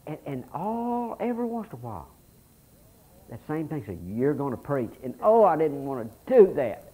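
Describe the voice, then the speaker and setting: A pastor preaching a sermon, telling folksy stories and reading scripture aloud with animation. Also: male voice, on the high side, sing-song, moderate pace, warm tone, rough recording.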